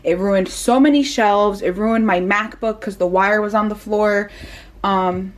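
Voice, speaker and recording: A young woman chatting casually to camera about her small business, animated and full of fillers. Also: mid-range voice, measured pace. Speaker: vlogger and small business owner.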